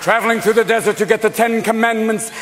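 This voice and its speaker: A man performing stand-up comedy, animated and loud, jumping into characters and shouting punchlines. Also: sits high, fast talker.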